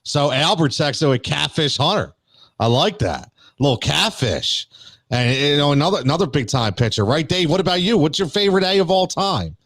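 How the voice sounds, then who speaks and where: A man's voice: fairly high pitch, moderate pace, no echo. A man hosting a casual sports podcast, steering talk and quizzing his co-hosts. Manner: lively, quizzes the others. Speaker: podcast host.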